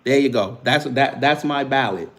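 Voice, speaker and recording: Man streaming live, mocking chat in a loose, taunting tone, mid-pitched voice. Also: normal speed, fairly bright tone. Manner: taunting, teasing banter with laughs. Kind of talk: casual live-stream commentary answering chat.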